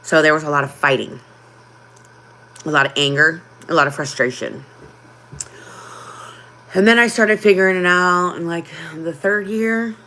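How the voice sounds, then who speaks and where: A woman with a low voice hosts a casual livestream and talks openly from the heart. She chats with her viewers and stops often for an um or a pause. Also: pushed and bright. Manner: heartfelt, open, with frequent ums. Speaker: livestream host.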